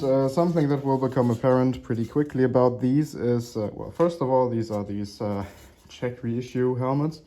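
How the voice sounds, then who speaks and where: A man casually narrating an unboxing of collectible helmets, relaxed and chuckling, with many ums and uhs. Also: medium pitch. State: slightly out of breath.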